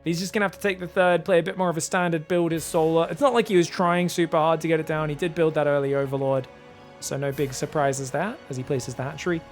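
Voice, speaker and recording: An Australian man giving casual solo play-by-play commentary on an esports match, chatty and thinking aloud, getting excited on big plays. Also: fairly high pitch, quick pace, soft background music. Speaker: esports caster.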